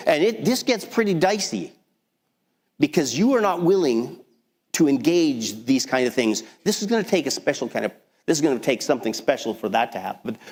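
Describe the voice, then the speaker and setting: A man preaching a sermon as pastor, talking in a conversational, animated way with frequent restarts. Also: a little high. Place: church sanctuary. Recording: long hall reverb.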